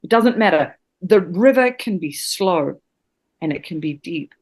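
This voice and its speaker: A woman's voice: fairly low pitch, lively intonation, a little slow, darkish tone, breathy edge. A woman in her thirties from New Zealand, a guest on a podcast, talking passionately about acting with vivid images and casual swearing. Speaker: actor and acting teacher guest. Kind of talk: casual interview chat.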